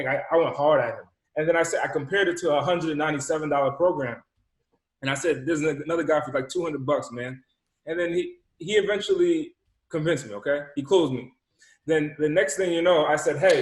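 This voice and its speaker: A fired-up male motivational speaker from Rhode Island tells a personal story, stumbling over repeated words and acting out both sides of conversations. His voice sits a little high for a man. The recording has a noticeable roomy echo. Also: brisk. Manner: energetic, repeats words, acts out dialogue. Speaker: podcast guest, motivational speaker.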